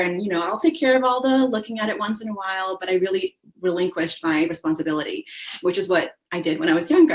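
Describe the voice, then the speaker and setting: A chatty woman in her thirties tells a personal story in a relaxed panel conversation. She laughs often and acts out what people said along the way. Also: medium pitch. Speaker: business co-founder.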